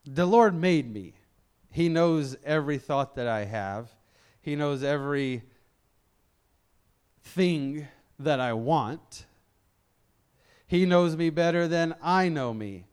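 A middle-aged man from Memphis gives a sermon in a loose, chatty way, often restarting his sentences and poking fun at himself. His voice is smooth and resonant and sits a little high for a man. He carries no regional accent. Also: expressive, slow pace, pauses often, darkish tone. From Memphis, Tennessee. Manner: conversational, self-deprecating, with frequent restarts. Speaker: lay preacher.

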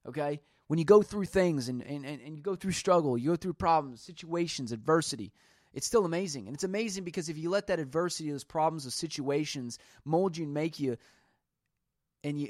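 A man's voice: a little high, no room sound. Ranting solo podcast man, dry close mic. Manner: ranting, retells arguments with quoted back-and-forth. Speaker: podcast host. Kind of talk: solo venting podcast monologue.

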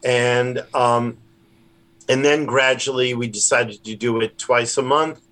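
A man's voice: medium pitch, fairly even intonation, slow pace, a bit bright. A man, a rabbi and puppeteer, chatting casually in an interview in a rambling, self-deprecating way. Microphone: remote call.

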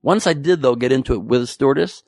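A man's voice: mid-range voice, fast talker, darkish tone, dry recording, clean studio sound. A man delivering a sarcastic, profane topical comedy monologue with rambling asides.

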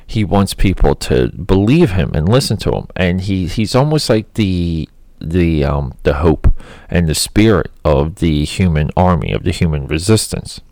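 A man's voice: deep voice, sing-song, unhurried, darkish tone, no room sound, clean studio sound. A man giving casual, rambling, opinionated movie commentary, full of "you know" and "like". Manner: rambling, filler-heavy, opinionated. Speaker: film commentator.

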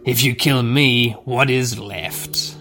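A man voicing an ancient, weary dragon, speaking slowly and gravely. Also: medium pitch, sharp tone, soft background music, voice pushed down. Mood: solemn.

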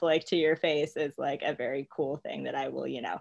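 A woman fan writer in casual interview chat, animated and giggly. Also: extremely low pitch, a little fast, creaky.

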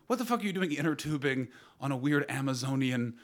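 A Canadian man in his thirties telling a stand-up comedy story and bantering with the audience, swinging from loud outbursts to low asides. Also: animated, brisk. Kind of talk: stand-up comedy with crowd work.

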